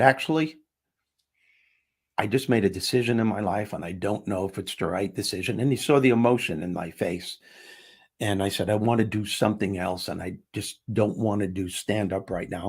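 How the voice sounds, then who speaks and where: Guesting on a show, this comedian and speaker spins a conversational story in a husky, slightly breathy voice. Each character gets their own voice, and he drops low when things are quiet and lifts up when they get excited.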